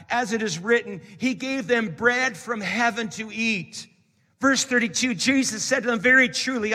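A man delivers a sermon to his congregation. His voice sits very high and rings bright as he climbs into shouted emphasis. The sound carries a long reverb from a large church hall. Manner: preaching with rising, shouted emphasis. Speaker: pastor.

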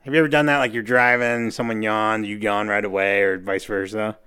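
Laughing podcast host recapping scenes. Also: male voice, on the low side, little pitch movement, fairly quick, pushed and bright, clear, resonant tone. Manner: laughs often, recaps TV scenes with acted quotes. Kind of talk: casual chat.

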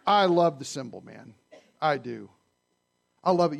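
A man preaching a sermon to his congregation, conversational and animated, often asking the audience questions. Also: a little high, unhurried, gravelly, slight background noise. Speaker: pastor. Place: church sanctuary.

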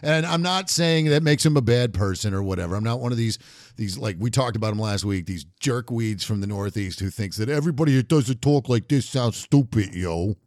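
Animated man co-hosting a talk podcast. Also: medium pitch, brisk, no room sound, clean studio sound. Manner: animated, joking, drops into mock voices. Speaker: podcast co-host. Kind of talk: casual political talk show banter.

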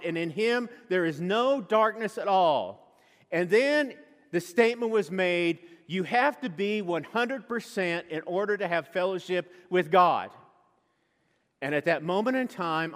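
A male pastor preaching a sermon, telling stories and acting out quoted voices as he goes. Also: sits high. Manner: animated storytelling with quoted asides. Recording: long hall reverb.

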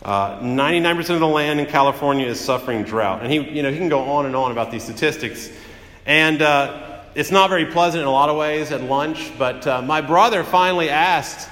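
A man's voice: medium pitch, normal speed. A man preaching a conversational sermon, acting out quotes as he tells stories. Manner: conversational, animated storytelling with acted-out quotes. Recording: echoey hall with long reverb.

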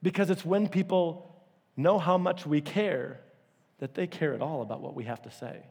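A male pastor delivers a sermon in a church auditorium, his voice a touch high and slightly husky. He tells stories animatedly, acting out quotes with sudden leaps in pitch. A long reverb from the hall trails every phrase. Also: normal speed, a little mellow.

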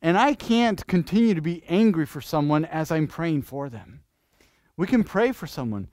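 A pastor preaching in church, lively and questioning, restarting phrases and asking the congregation things. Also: male voice, on the high side, moderate pace, dry recording, studio quality. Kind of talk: sermon.

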